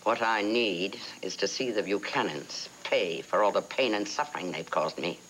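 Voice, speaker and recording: A woman's voice: very deep voice, normal speed, fairly bright tone, a little hiss or hum, rough recording. An actress playing a vindictive older woman in a soap opera, speaking with bitter resolve. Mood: bitter, vengeful. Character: vengeful older woman bent on ruining a rival family.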